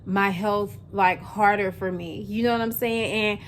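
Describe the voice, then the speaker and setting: A woman's voice: mid-range voice, steady tone, unhurried, slight background noise. Chatty young woman vlogging to camera. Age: 20s. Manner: chatty, filler-heavy, addresses viewers as y'all. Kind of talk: casual chat to camera.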